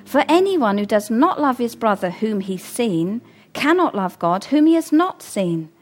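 A woman's voice: a little high, sing-song, a little slow. A middle-aged woman preaching a sermon, earnest and emphatic, repeating her key phrases.

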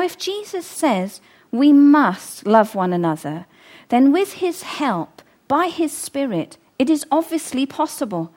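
A woman's voice: on the high side, a little mellow. A middle-aged woman preaching a sermon, earnest and emphatic, repeating her key phrases.

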